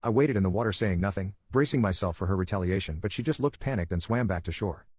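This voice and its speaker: Male narrator, low husky voice, brisk read of a forum story. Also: a little mellow, no room sound.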